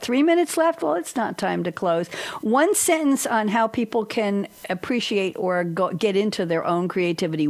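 A woman hosting a panel talk, chatty and playful, spelling out guests' web addresses. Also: medium pitch. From lives in Tennessee. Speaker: host. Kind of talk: casual chat.

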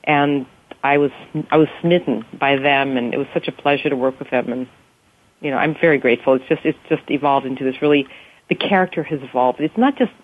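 Over a tinny phone line, an actress with a bass voice discusses her work in a casual interview. She talks fairly quickly, gushing with enthusiasm and frequently starting her sentences over.

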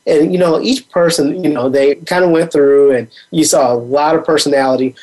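A man's voice: a little high, fairly even intonation, normal speed, a little mellow. A man with a slightly raised voice hosts a sports radio talk show. He rambles along in a loose, conversational way, leaning on lots of little fillers.

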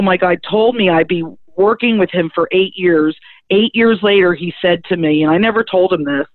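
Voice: medium pitch, no echo. Chatty storytelling medium, from around Philadelphia, tinny phone-like sound, dry. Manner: chatty, animated, acts out quoted voices. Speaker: spiritual medium. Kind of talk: personal storytelling.

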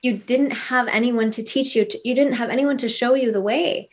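A woman's voice: on the high side, moderate pace. A woman in her thirties, a podcast guest, talking earnestly and telling stories with lots of quoted dialogue. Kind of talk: casual podcast conversation.

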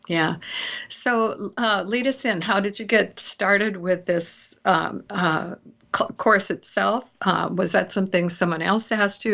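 A woman hosting a radio talk show, chatting casually with fillers and slowing down for emphasis. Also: fairly low pitch, vocal fry, a bit bright. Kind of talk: casual chat and scripted intro.

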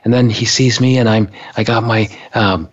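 A man telling a story in a casual, animated way, acting out what people said and laughing along. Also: fairly low pitch, normal speed, husky, muffled recording. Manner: animated, acts out quoted voices, laughs while telling.

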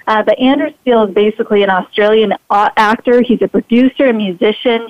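A woman's voice: mid-range voice, no room sound. Earnest woman hosting a talk show. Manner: earnest, inspirational. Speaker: show host. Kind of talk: radio interview hosting. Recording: dull lo-fi, dry sound.

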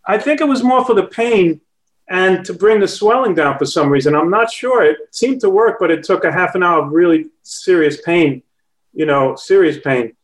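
A man's voice: high-pitched, moderate pace, low-quality recording. A man calling in to a talk show, telling a story in a rambling way and often correcting himself mid-sentence. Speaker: caller. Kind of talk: casual phone-in chat.

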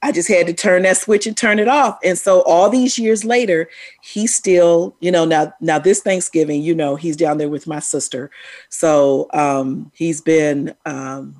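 Casting: middle-aged woman co-host, lower-pitched, animated and teasing, laughing often. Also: measured pace. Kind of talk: casual chat.

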